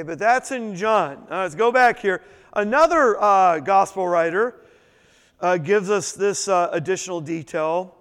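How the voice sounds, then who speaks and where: A man leading a Bible study in a lively, conversational way, asking his listeners questions as he goes through the text. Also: sits high, big-room sound. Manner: animated, conversational, asks the group questions. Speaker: Bible teacher.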